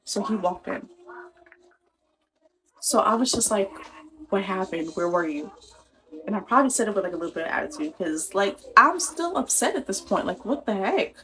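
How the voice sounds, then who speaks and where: A woman's voice: medium pitch, animated, fairly quick, bright, forceful tone, low-quality recording. A young woman telling a personal story in a casual, exasperated way, restarting her sentences and saying "like" often. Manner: exasperated, talks in restarts with lots of "like".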